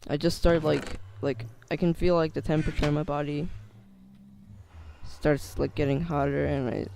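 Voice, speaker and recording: Teenage male YouTuber, nervous and halting delivery, slightly high voice with a gravelly edge. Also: steady tone, a little mellow, a little hiss or hum. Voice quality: voice cracks. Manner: hesitant, many fillers and restarts. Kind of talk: casual vlog monologue.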